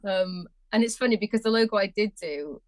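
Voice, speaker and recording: Woman guest on a podcast, mid pitch, chatty and laughing, dry close mic. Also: fast talker, darkish tone, dry recording. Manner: chatty, laughing, quoting others. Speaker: podcast guest, business owner. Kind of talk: casual chat.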